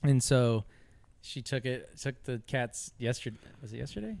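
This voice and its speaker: A man's voice: medium pitch, expressive, moderate pace, vocal fry, darkish tone. A young man co-hosting a podcast, chatty and joking as he tells a story. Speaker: podcast co-host. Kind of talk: casual chat.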